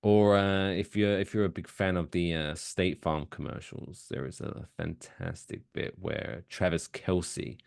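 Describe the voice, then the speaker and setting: A man's voice: deep voice, steady tone, unhurried, vocal fry, few pauses, clear, resonant tone, no room sound, studio quality. A man co-hosting a casual comedy podcast, playful and prone to silly voices and announcer calls. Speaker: podcast co-host. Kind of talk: casual chat.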